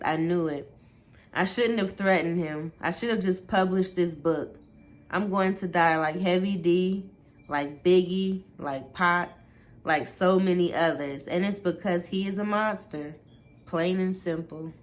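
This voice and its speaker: A woman reading a first-person memoir aloud for her book channel, steady and unhurried. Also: on the low side. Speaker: booktuber.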